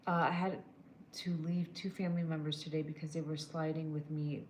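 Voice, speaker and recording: Her voice sits low and sounds darkish, delivered flatly and briskly. As a livestream host doing emotional scans, she gives direct wellness advice and calls viewers "girl" and "my love"; the echoey room carries slight background noise.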